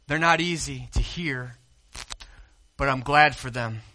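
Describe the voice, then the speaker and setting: A man preaching a sermon as pastor. He swings between hushed, quiet stretches and loud, emphatic peaks, and puts questions to the congregation. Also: medium pitch, a little slow.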